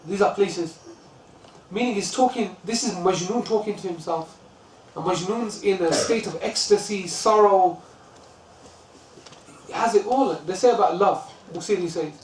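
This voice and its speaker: A man from the UK gives a lesson on classical poetry, telling stories and rattling off chanted verses. His voice sits a little high. The room is echoey and the mic is some distance away, with faint ambience behind. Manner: storytelling, chants lines of verse quickly. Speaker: religious teacher.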